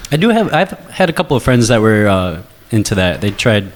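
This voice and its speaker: A man in his thirties, a guest on a comedy radio show, making dry, deadpan jokes. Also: lowish voice, fairly quick. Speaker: guest scientist. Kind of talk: casual comedy radio chat. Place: radio studio.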